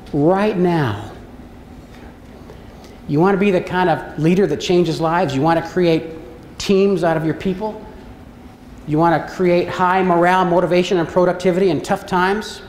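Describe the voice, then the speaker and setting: A man's voice: high voice, darkish tone, a little hiss or hum. A middle-aged man giving a storytelling keynote speech as a motivational speaker. He tells stories animatedly and acts out the voices in them. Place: large hall. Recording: echoey hall with long reverb.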